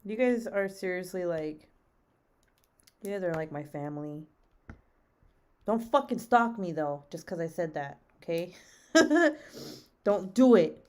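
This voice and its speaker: A woman's voice: fairly low pitch, expressive, measured pace, long pauses, a little mellow. A young adult woman hosting a live stream, chatting casually with viewers, swearing freely and laughing often. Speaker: livestream host reading viewer chat.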